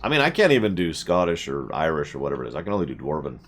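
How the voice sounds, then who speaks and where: A man's voice: a bass voice, very animated, rapid-fire, faint music behind. A man giving casual, rambling let's-play commentary on a game stream, often self-deprecating.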